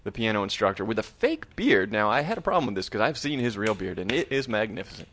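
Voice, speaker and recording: A man co-hosting a podcast, recapping an episode in casual chat, animated and joking. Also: on the low side, quick pace, a little hiss or hum. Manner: animated, joking, acts out scenes with voices. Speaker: podcast co-host.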